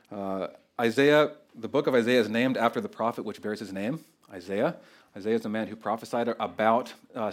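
A man in his thirties preaching a sermon as pastor, talking in a loose, unscripted way with fillers and restarts. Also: fairly low pitch.

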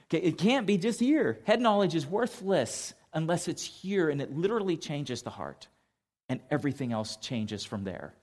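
A man's voice: a little high, sing-song, normal speed, a little mellow. A man preaching a conversational sermon as pastor to a church congregation, casual and emphatic, quizzing the audience.

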